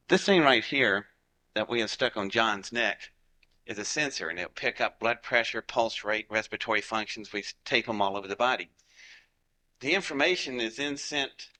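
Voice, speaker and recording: A low-leaning, sharp-toned voice belongs to a man with a Southern US accent. Before a live audience he delivers a folksy, talkative storytelling piece, joking with the people in front of him.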